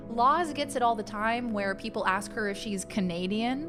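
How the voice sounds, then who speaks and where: A woman's voice: fairly high pitch, normal speed, music in the background. Chatty woman streaming a game. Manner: chatty, rambling, lots of "like". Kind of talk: casual live-stream chat.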